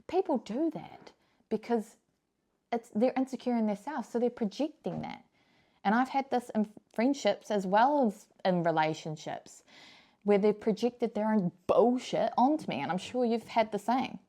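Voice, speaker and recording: A young woman vlogger gives blunt, casual advice straight to camera, swearing freely, hammering her key points and repeating them. Her voice is on the high side yet dark in tone, animated, at a moderate pace.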